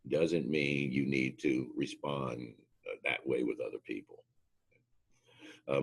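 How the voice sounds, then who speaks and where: A man's voice: rumbling low, a little mellow. A man, a former drill instructor, giving an anecdotal motivational talk, telling emphatic stories and acting out what people said. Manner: emphatic storyteller, acts out quotes.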